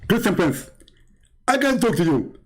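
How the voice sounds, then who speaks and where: A man's voice: high-pitched, sing-song, moderate pace, poor audio. A man doing a satirical impression of a pompous, self-assured male preacher who lectures condescendingly and mangles facts with confidence. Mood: smug. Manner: smug, mangles names and facts with confident authority.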